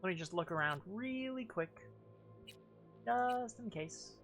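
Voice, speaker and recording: A woman's voice: medium pitch, expressive, slow pace, faint music behind. Swearing, chatty woman streamer. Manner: chatty, swears often, thinks aloud. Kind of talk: casual live game commentary.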